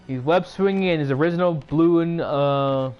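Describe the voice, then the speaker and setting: Sleepy rambling man, slightly high voice. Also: normal speed, clean tone, muffled recording. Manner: rambling, filler-heavy retelling. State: sleepy and yawning; sore throat. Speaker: YouTuber. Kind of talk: casual movie recap.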